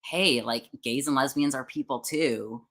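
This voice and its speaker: A woman's voice: very deep voice, a little slow, a bit bright. A young woman hosting a casual conversation, a chatty storyteller who laughs often and mimics other people's voices. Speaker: host.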